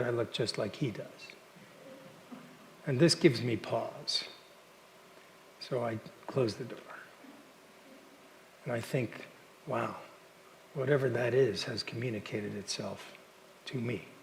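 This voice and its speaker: A man minister telling a personal story in a sermon, in a relaxed, halting way with frequent restarts, in a church. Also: mid-range voice, creaky, a little hiss or hum. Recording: long hall reverb, faint ambience.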